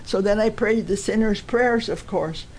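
A woman's voice: mid-range voice, a little slow, a little mellow, slight background noise. A woman giving an earnest, emotional personal testimony to a church gathering.

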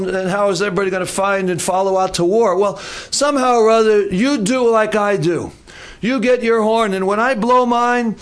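An older man preaching a sermon, telling a story with animated, acted-out voices. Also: high voice. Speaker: pastor.

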